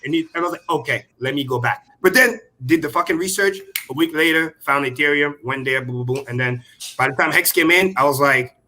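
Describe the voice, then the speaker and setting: A man chats casually, excitable and profane. His voice is bright and forceful and sits a touch high for a man. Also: brisk. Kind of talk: casual chat.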